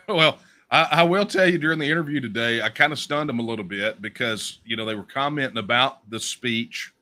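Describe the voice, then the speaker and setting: Emphatic man, bright tone. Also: medium pitch, brisk. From Texas. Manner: emphatic, speech-like, tags lines with "right?". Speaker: guest, secession campaigner. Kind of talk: political interview.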